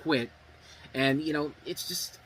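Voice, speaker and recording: A man's voice: a little high, takes it slowly, a bit bright, a little hiss or hum, poor audio. A man reviewing movies in a casual, rambling and blunt way, swearing freely.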